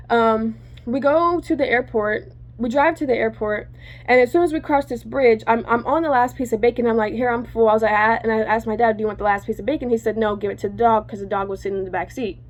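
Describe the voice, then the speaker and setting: A woman telling a personal story to her viewers in casual chat, rambling and correcting herself, cursing freely. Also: on the high side.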